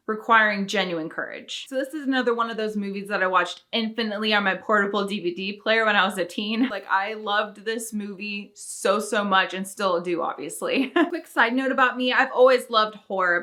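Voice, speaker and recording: A woman's voice: medium pitch, pushed and bright. A young woman talking casually and enthusiastically about her favourite films, laughing often. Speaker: film review YouTuber. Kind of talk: casual film review talk.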